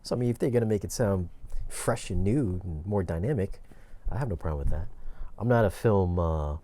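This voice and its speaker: A man's voice: low-pitched, a little fast, dark tone. A man co-hosting a casual podcast, talking in a laid-back, easygoing way. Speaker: podcast co-host. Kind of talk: casual chat.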